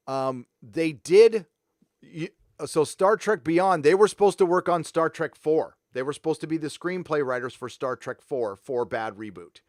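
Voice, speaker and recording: A man's voice: fairly high pitch, moderate pace, darkish tone, dry recording, clean studio sound. A man hosting a casual livestream, talking bluntly and profanely in a loose, rambling way. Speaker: livestream host.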